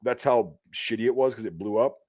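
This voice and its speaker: A man's voice: medium pitch, fairly quick, darkish tone, highs cut off. A man who works as an electrician, telling a rambling work story in casual chat, swearing often and stumbling over fillers. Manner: profane, rambling, full of fillers.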